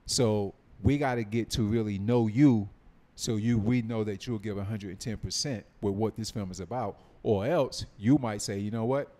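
Man, middle-aged, from North Carolina, lowish voice, casual podcast storytelling, acts out dialogue. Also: normal speed, hardly any pauses, warm tone. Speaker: film writer and producer, guest.

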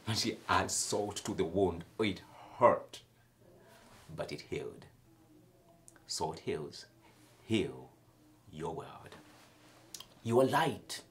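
A man from Africa preaching a homily, with sudden loud emphatic lifts and soft near-whispered drops. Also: low voice, lively intonation, very slow, long pauses. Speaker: priest.

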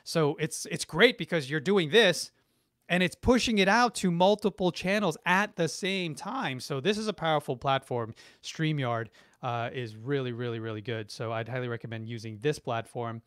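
A man's voice: fairly high pitch, normal speed, fairly bright tone, no room sound, clean studio sound. A middle-aged man, a branding expert, enthusiastically answering viewer questions on a live stream, speaking effusively and often restarting his sentences. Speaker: branding and marketing expert guest. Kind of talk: live-stream Q&A reading chat comments.

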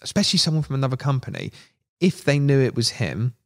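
A man, a podcast guest, telling animated anecdotes in casual chat, swearing freely and acting out quoted voices. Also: mid-range voice, fast talker, no echo, clean studio sound. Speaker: podcast guest, media manager.

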